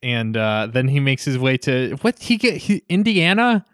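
A man co-hosting a casual podcast, retelling a film's plot in a rambling, animated way with lots of fillers. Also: mid-range voice, moderate pace, clean tone, no room sound, clean studio sound. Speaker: podcast co-host. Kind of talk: casual film discussion.

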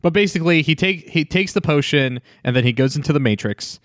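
Wry, relaxed male podcast co-host. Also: fairly high pitch, brisk, no room sound, clean studio sound. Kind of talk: casual chat.

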